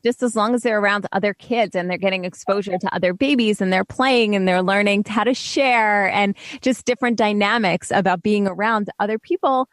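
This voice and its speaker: A woman's voice: medium pitch, no room sound, studio quality. Earnest chatty woman radio host. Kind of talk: casual parenting talk.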